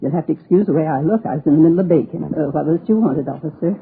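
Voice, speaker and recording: Fragile mother in her sixties, halting, creaky, very husky, tinny old radio broadcast. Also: low voice, exaggerated voice. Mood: polite. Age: 60s. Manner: soft-spoken, halting. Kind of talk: 1950s radio drama acting.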